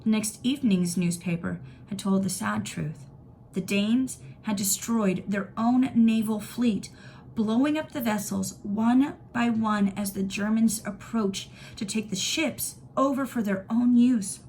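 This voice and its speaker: A woman teacher reading a novel aloud to students in clear, steady storytelling. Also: mid-range voice, a little slow, a little hiss or hum.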